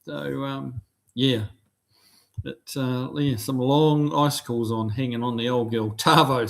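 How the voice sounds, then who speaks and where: Relaxed man hosting a live stream. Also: mid-range voice, a little slow, vocal fry. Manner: relaxed, rambling, reads out chat comments. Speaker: livestream host. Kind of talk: casual live-stream chat with viewers.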